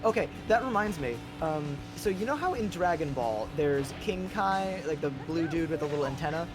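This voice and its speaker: A man's voice: on the high side, animated, moderate pace, over music. A man chatting casually and rambling as he streams a racing game, laughing often. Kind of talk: casual gaming chat.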